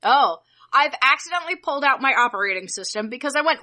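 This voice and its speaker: Bright, excitable woman co-host; a higher voice, gushy casual delivery full of fillers. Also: rapid-fire. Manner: excitable, gushing, lots of fillers. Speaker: podcast co-host. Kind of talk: casual chat.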